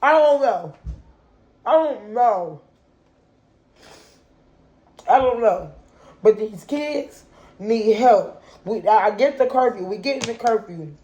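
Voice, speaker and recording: A woman with a fairly high voice vents in an unscripted vlog monologue, speaking as a mother who speaks up for kids. She talks in a casual, slangy way and calls her viewers "y'all". Her delivery is impassioned and ranting, and she keeps firing off rhetorical questions. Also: animated, takes it slowly, pauses often, dark tone, poor audio. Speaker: mother and kids' advocate.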